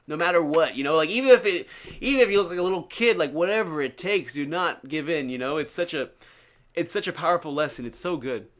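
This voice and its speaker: Man, live streamer, earnest, animated, preachy, fairly high pitch. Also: fast talker. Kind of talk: casual live-stream reading talk.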